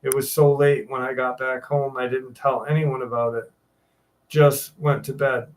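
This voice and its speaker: A man's voice: medium pitch, little pitch movement, moderate pace. A man hosting a paranormal podcast, reading stories and joking crudely. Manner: joking, crude, riffs loudly. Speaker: podcast host. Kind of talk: casual podcast chat.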